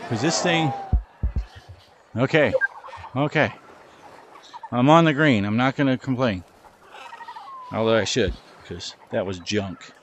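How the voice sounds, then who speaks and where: Middle-aged man, gameplay host, chatty and self-mocking, mid-pitched, faint hiss behind. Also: takes it slowly, long pauses, fairly bright tone. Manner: chatty, self-deprecating, talks to the ball. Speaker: gaming channel host. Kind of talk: casual gameplay commentary.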